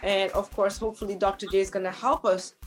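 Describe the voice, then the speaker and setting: A woman's voice: medium pitch, little pitch movement, quick pace, noisy background. A woman co-hosting a talk show, telling stories in a chatty way and laughing often. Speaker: co-host. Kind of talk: casual chat.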